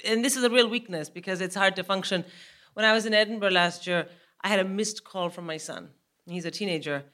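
A woman in her forties, appearing as a guest comedian on a live podcast stage, tells comic anecdotes in an animated way, laughing and acting out her own panic. Her voice is medium-pitched and brisk.

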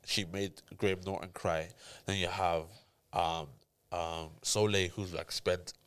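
A man co-hosting a casual podcast chat, animated and quick to laugh. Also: deep voice, clear, resonant tone. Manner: animated, laughs often, slangy. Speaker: podcast co-host.

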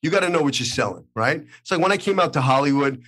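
A middle-aged man with a Brooklyn accent who hosts a casual interview and tells animated stories, leaning on "you know.". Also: on the high side, fast talker. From Brooklyn, New York. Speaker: podcast host, actor.

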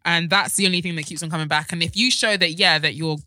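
A woman's voice: lowish voice, fairly even intonation, fast talker, pushed and bright. Chatty podcast co-host woman. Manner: chatty, blunt, laughs easily. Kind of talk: casual chat.

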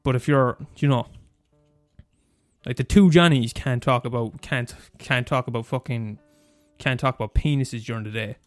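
A young Irish man ranting profanely on his podcast, talking fast and mumbling. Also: medium pitch, no room sound, faint music behind. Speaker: podcast host. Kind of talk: casual solo rant.

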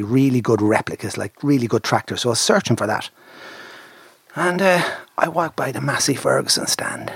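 A man with an Irish accent telling a lively anecdote in a casual chat, acting out the people he quotes. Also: mid-range voice, breathy edge, no room sound. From Ireland. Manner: animated, acts out the people he quotes, lively repetitions. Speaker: TV presenter telling a story. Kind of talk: casual anecdote, conversational storytelling.

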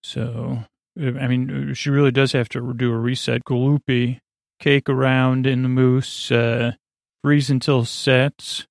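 A man's voice: mid-range voice, flat delivery, slow pace, creaky, no echo, clean studio sound. A man hosting a sleep podcast, recapping a TV episode in a meandering way with many filler words and self-corrections. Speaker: podcast host.

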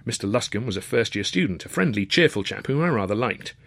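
A man's voice: lowish voice, lively intonation, fast, creaky, fairly bright tone, no room sound. A man reading his own novel aloud in a wry, dry-humoured, conversational storytelling manner. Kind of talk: storybook narration.

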